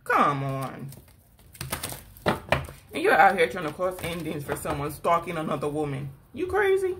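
A tarot reader gives a spiritual reading in a low, expressive voice at a moderate pace, with background noise behind her. She's scolding and sassy, calls the viewer "girl," and laughs between lines.

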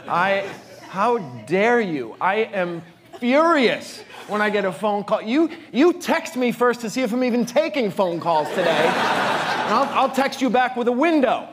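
Stand-up comic over a laughing crowd. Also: male voice, high voice, lively intonation. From Boston. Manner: stammering restarts, mock indignation, slow deliberate punchlines. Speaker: stand-up comedian. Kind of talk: stand-up comedy set. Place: comedy stage before a live audience. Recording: live stage mic with crowd laughter.

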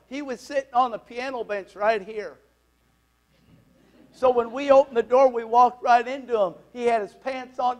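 A man preaching a sermon as a pastor, telling a personal story in an animated, conversational way. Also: extremely high pitch, rough recording.

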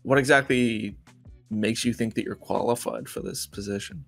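A man's voice: mid-range voice, moderate pace, creaky, faint music behind. A young man chatting while gaming, dry and playful, joining in mock-formal bits with a friend. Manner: dry, plays along with mock formal lines. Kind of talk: casual gaming chat.

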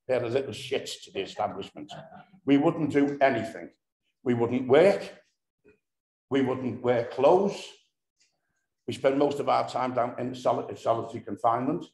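A man's voice: mid-range voice, darkish tone. An older man telling humorous, earthy stories at a commemoration event, often repeating himself and restarting phrases. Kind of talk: anecdotal storytelling. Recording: echoey room.

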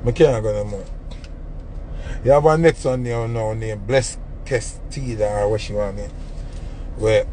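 A young man with a Jamaican accent, ranting in an animated, mocking way on a casual phone livestream. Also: mid-range voice, slight background noise. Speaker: entertainer on a livestream.

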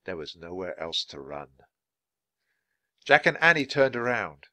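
Guy reading a kids book out loud, clear and lively, bright dry sound. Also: low voice, dry recording. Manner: clear, expressive, measured reading for learners. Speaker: storybook reader. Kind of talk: children's book read-aloud.

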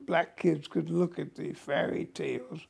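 An older American man, an actor, telling stories from his career in an interview with a slow, halting, husky delivery. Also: on the high side, fairly even intonation, darkish tone. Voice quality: gravelly, husky. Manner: slow, halting, breathy at times. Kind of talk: reflective storytelling.

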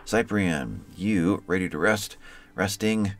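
A man's voice: deep voice, takes it slowly. A man casually commenting on his colony game as he plays, talking to the colonists by name in an easygoing way. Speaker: let's play host.

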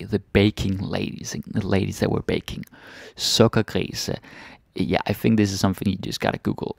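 A man's voice: on the low side, vocal fry, dry recording. A man teaching a language by reading a fairytale aloud and translating it word by word, often adding little questioning tags.

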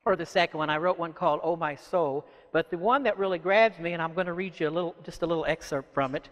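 A man who is an author, giving an animated, rambling talk to a live audience and dropping in lots of "you know" asides. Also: fairly high pitch, fast, lo-fi sound. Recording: echoey hall.

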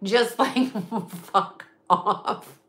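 A woman's voice: medium pitch, extremely slow, fairly bright tone. A middle-aged woman, a psychic medium, ranting in casual livestream chat, swearing and laughing often. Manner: profane, ranting and laughing a lot.

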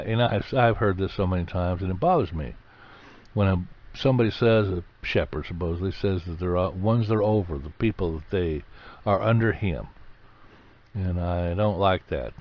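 A man's voice: low voice, normal speed. A man teaching from the Bible in a conversational sermon, plain-spoken and repeating key phrases for emphasis. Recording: dull lo-fi recording.

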